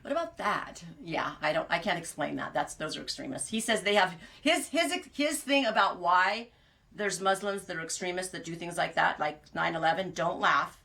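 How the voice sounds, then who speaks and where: Bright, chatty woman podcast host. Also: fairly low pitch, normal speed, vocal fry. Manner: rambling and animated, laughs at her own jokes. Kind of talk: casual chat.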